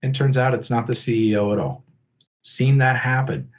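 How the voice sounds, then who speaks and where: A man's voice: mid-range voice, normal speed. A man presenting a security awareness talk in a conversational, explanatory way, often checking in with his listeners. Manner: acts out scammer and victim lines in a livelier voice.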